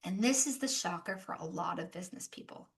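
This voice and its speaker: A young American woman giving an animated business presentation, mixing practical points with playful travel stories. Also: fairly low pitch, fairly quick, vocal fry. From United States. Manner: lively, animated storytelling with playful asides. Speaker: speaker at a business session. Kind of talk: presentation talk.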